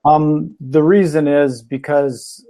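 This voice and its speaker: A man with a Minnesota accent hosting a casual video-call chat, talking in a relaxed, rambling, folksy way. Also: fairly high pitch, takes it slowly. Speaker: show host. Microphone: earbud headset.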